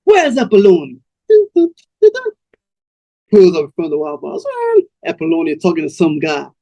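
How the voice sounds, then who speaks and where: A man's voice: fairly high pitch, flat delivery, quick pace, dark tone, highs cut off. A man hosting a podcast, telling a comic story in a loose, laughing way with stops and starts.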